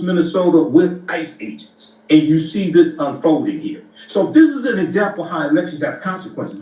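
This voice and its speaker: Man giving measured commentary in a roomy echo. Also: a little high, mellow. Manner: deliberate, many pauses with uh. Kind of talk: political commentary. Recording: roomy echo, distant from the mic.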